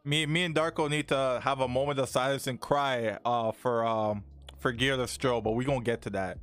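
A man's voice: mid-range voice, steady tone, normal speed, fairly bright tone, clean tone. A young man hosting a casual podcast, joking in slang and laughing often. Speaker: podcast host.

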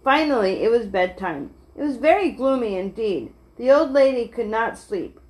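A woman reading a children's picture book aloud in a gentle, steady way, with small slips and restarts. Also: on the high side, normal speed.

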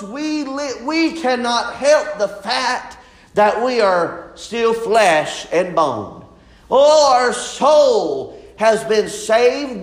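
A high, animated male preacher who swings between shouted exclamations and laughing asides. He delivers his sermon at an unhurried pace, with the sound ringing around an echoey church room.

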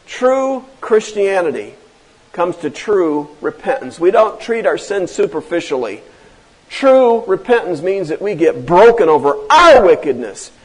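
Emphatic male pastor, high-pitched, rhetorical sermon delivery. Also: slightly rough, rough recording. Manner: emphatic preaching, many rhetorical questions.

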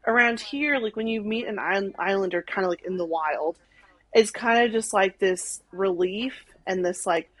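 A young woman from Arkansas, a podcast guest telling a story in animated casual chat, full of "like" and acted-out quotes. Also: medium pitch, normal speed, no room sound, low-quality recording. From Arkansas, USA. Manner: animated, many "like"s, acts out quotes.

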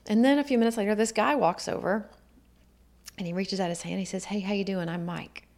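Her pitch sits in the middle, her intonation fairly even, and her darkish voice keeps a brisk pace. She is a guest sharing her life story in conversation, earnestly reflecting and quoting the words of others.

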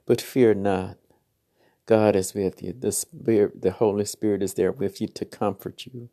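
Woman host, late-night devotional talk, mellow and drowsy, tender and rambling. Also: very deep voice, fairly even intonation, normal speed. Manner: tender, affectionate, rambling with repeated "oh, yes". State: half sleepy. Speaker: podcast host and spiritual encourager.

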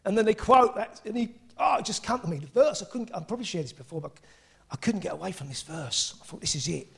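A middle-aged man preaching a sermon, excitable and breaking into shouts and exclamations. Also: sits high, fast talker, vocal fry, slightly rough.

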